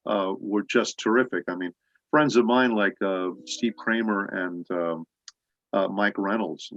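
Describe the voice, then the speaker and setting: A middle-aged man, a voice actor guest, telling rambling anecdotes with many pauses in a casual interview. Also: fairly low pitch, fairly bright tone, dry recording. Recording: dull lo-fi audio.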